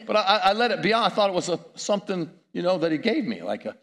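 A man's voice: sits high, very animated, fairly quick, fairly bright tone. A middle-aged man preaching a sermon, telling stories with chuckles and asides to the audience.

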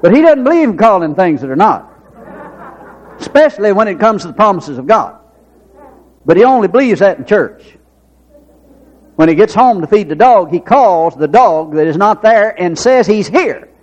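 A man's voice: sits high, lively intonation, normal speed, long pauses. A man preaching a sermon, folksy and full of rhetorical questions, acting out little scenes with quoted voices. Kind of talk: sermon with acted-out anecdotes. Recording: dull lo-fi sermon recording.

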